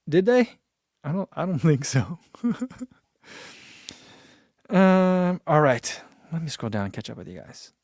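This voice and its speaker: A man's voice: fairly high pitch, very animated, takes it slowly, pauses often, a little mellow, dry recording, clean studio sound. A man in his forties hosting a casual live stream, reading viewer comments aloud and chatting with frequent laughs. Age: 40s. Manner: chatty, laughs often, reads chat aloud. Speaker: running channel host.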